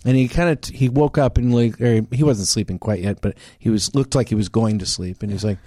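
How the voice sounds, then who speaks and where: A man's voice: medium pitch, animated, brisk, mellow, dry recording, clean studio sound. A man co-hosting a casual podcast, telling a story and acting out both sides of an argument with many restarts. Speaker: podcast co-host.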